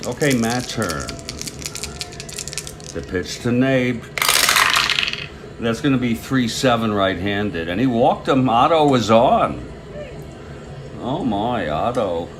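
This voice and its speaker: A man hosting a tabletop baseball replay, giving casual play-by-play with rambling chatty asides and bursts of excitement on big plays. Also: mid-range voice, slow pace, long pauses, noisy background.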